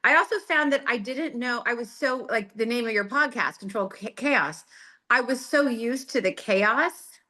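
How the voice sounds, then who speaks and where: A woman's voice: a little high, expressive, sharp tone. A woman in her forties, a guest on a podcast, speaking openly and reflectively in casual conversation. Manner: open, reflective, measured. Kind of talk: casual interview chat.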